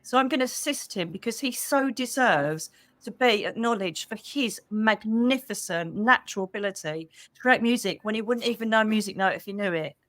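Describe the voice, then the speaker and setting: A middle-aged woman with a British accent, a psychic medium hosting a casual livestream for members, chatty and animated with quick asides, speaking into a computer mic. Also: mid-range voice, dry recording. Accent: British English. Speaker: psychic medium and channel host.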